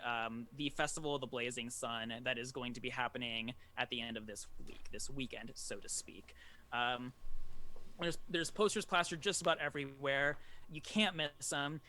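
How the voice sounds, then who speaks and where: A man narrating a tabletop game as game master, often pausing with ums and restarting his sentences. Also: on the high side, bright, forceful tone. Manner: halting, lots of ums and restarts.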